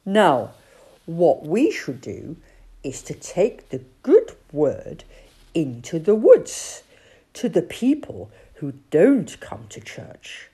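A fussy old male owl from a storybook, solemn and lecturing, as a woman reads him. His voice sits slightly low, with a husky, breathy grain and a slow, unhurried delivery. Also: huge pitch swings, dark tone, exaggerated voice.

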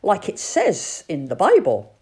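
Captain Beaky, a woman doing a shrill, blustering captain. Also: huge pitch swings, measured pace, warm tone, slightly rough, exaggerated voice. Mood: excitable. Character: blustering bird sea captain, male.

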